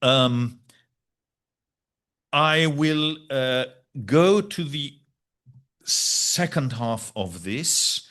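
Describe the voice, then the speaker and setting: A man giving an academic conference lecture in a measured, scholarly way, pausing with fillers and restarts. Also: mid-range voice, animated, fairly bright tone. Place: lecture hall.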